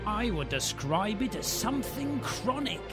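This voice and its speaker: A man doing a playful mock advert jingle with salesman patter, pitching a tonic. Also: big pitch swings, measured pace. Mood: mock-cheerful. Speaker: jingle voice-over. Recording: voice over loud music.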